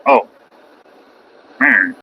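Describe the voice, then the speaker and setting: A man's voice: drawn-out words, dull audio, a little hiss or hum. A man, a truck driver vlogging from his cab, talking in a rambling, opinionated way with wry asides. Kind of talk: casual rambling monologue.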